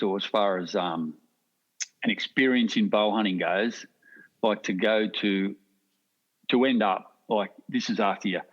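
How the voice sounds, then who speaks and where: Middle-aged Australian man, low register, dull lo-fi audio, anecdotal. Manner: rambling anecdotal, laughs often. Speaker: podcast guest, hunter. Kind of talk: casual storytelling chat.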